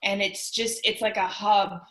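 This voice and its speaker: A woman's voice: mid-range voice, flat delivery, unhurried, sharp tone, poor audio. A woman filmmaker chatting casually as a podcast guest, talking readily with lots of fillers and easy laughter. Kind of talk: casual interview chat.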